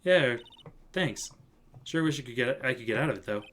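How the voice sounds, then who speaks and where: A man's voice: medium pitch, animated, moderate pace, a bit bright, a little hiss or hum, close to an everyday voice. A streamer voicing a nervous young woman lawyer on her first case, raising his voice a little and tripping over her words. It stays close to his own voice. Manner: hesitant, stammering. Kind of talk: let's play voice acting.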